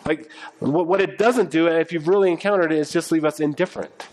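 A man's voice: a little high, a little fast, a little mellow. A man preaching a sermon, retelling a story in a loose, conversational way full of fillers and restarts. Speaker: pastor.

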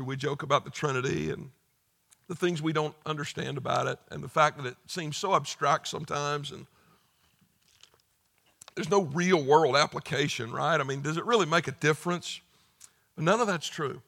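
A male pastor giving a conversational sermon, joking and then rising into emphatic, forceful bursts. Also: a little high, creaky.

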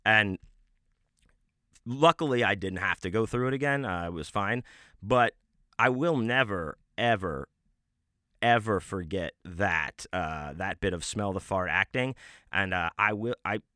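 A man on his podcast tells a story in a bright, forceful voice that sits a little low. He rambles, swears freely and keeps restarting his sentences. The sound is dry and close to the mic. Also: unhurried, no echo. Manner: rambling, profane, with many restarts and fillers. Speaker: podcast host. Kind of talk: casual storytelling.

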